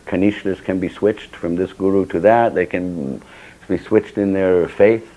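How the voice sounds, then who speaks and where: Deep mellow older man telling stories. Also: unhurried, poor audio. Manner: storytelling, acts out dialogue, bursts of emphasis. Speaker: speaker giving a scripture class. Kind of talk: sermon with personal stories. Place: temple hall.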